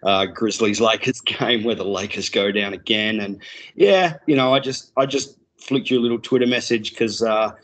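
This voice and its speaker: A man's voice: on the low side, normal speed, fairly bright tone. A man with an Australian accent, a podcast guest chatting casually and teasing the host in a playful way. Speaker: guest analyst.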